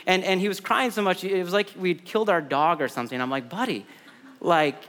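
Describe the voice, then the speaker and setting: A man's voice: high voice, expressive, quick pace, a bit bright, in a large hall. A man in his thirties preaching a sermon in a conversational way, repeating words and adding side stories. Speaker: pastor.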